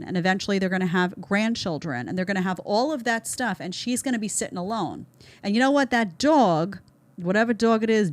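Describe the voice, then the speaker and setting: A middle-aged woman hosting a podcast, reacting to a clip with blunt, emphatic commentary and sarcastic asides. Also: mid-range voice. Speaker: podcast host.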